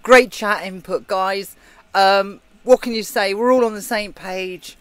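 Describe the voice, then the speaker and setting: A man's voice: sits high, fairly even intonation, measured pace, a bit bright, clean tone, dry recording. A British man co-hosting a live show, chatting casually and reading out viewer comments. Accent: British English. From Britain. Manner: chatty, reads out chat comments. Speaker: co-host of a live chat show. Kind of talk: casual chat.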